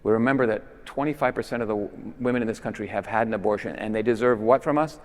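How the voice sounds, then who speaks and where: Emphatic man speaking in a basilica. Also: fast. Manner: emphatic, with swings between loud stresses and low, quiet endings. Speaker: conference speaker. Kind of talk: persuasive public talk. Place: large basilica. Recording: long reverb in a big church.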